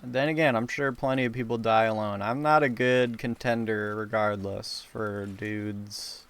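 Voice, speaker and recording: This young man's voice is smooth and fairly low, with fairly even intonation at a normal speed. He's gaming on stream, casually rambling to his chat with plenty of swearing and self-mockery.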